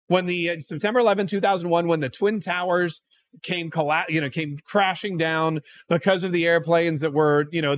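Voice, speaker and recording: A middle-aged man hosting a live talk show, telling stories with animated delivery and acting out quoted exchanges. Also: high voice. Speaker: radio host and congressional candidate. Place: event studio.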